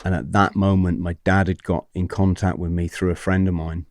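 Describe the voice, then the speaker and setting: Low-voiced man telling a raw story. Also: moderate pace, dry recording, studio quality. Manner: animated, swearing, keeps checking in with the host. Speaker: podcast guest. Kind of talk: candid storytelling interview.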